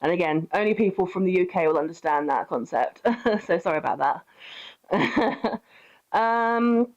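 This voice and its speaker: A woman's voice: fairly low pitch, big pitch swings, takes it slowly, long pauses, dull audio. A young British woman giving casual, sweary gameplay commentary, chatting, laughing often and cooing at her pet. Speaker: streamer.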